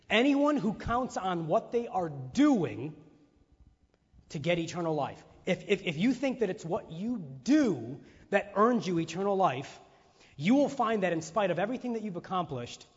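A man preaching a sermon to his church, animated, acting out voices and firing off rhetorical questions. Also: sits high, breathy edge. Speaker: pastor. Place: church sanctuary. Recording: muffled sound in a reverberant hall.

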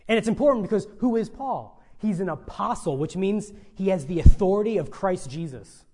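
Male pastor, higher-pitched voice, earnest pleading sermon delivery. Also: lively intonation, moderate pace, mellow. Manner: earnest, pleading emphasis with dynamic swings.

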